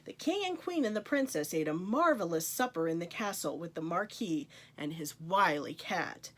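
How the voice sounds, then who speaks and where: A woman's voice: fairly low pitch, expressive, moderate pace. A woman reading a picture book aloud to children, with playful asides to her young listeners. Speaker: storytime reader.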